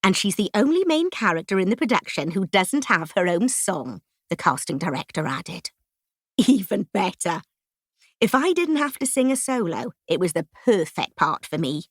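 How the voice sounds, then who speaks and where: A woman's voice: medium pitch, normal speed, no echo, clean studio sound. A woman from Wales with a Swansea accent, narrating her memoir as an audiobook, telling it expressively and voicing the quoted lines. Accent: Welsh, Swansea. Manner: lively, expressive storytelling with voiced quotes.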